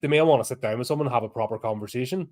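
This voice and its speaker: Man, Northern Irish accent, middle pitch, blunt, sweary, podcast co-host. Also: racing. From Northern Ireland. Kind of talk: casual podcast chat.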